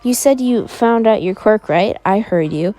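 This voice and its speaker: A woman's voice: medium pitch, animated, measured pace, warm tone, close to an everyday voice. Woman playing a curious, matter-of-fact teacher. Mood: puzzled. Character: curious adult schoolteacher.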